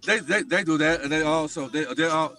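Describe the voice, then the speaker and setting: A man's voice: a little high, brisk, sharp tone. A man talking as a guest on a livestream talk show, speaking emphatically and insistently.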